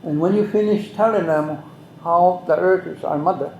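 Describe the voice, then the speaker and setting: An older man tells a story at an unhurried pace. His voice is gravelly and mellow. The recording has the echo of a roomy space. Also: sits high, highs cut off, slight background noise. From Mohawk Valley, New York. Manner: measured, repetitive, speaks some phrases in Mohawk. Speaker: guest elder. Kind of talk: slow oral storytelling.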